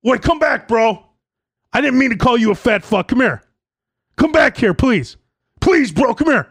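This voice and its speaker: A man's voice: very high voice, expressive, moderate pace, fairly bright tone, no echo, studio quality, pitched above the performer's own voice, exaggerated voice. A man voicing a pushy male personal trainer doing a hard sell, pleading and wheedling and calling everyone bro.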